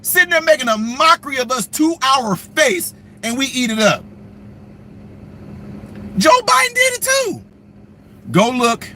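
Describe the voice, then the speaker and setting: A man's voice: high voice, pushed and bright, slight background noise. A man hosting a livestream commentary, rambling and sarcastic in a slangy style. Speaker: commentary channel host.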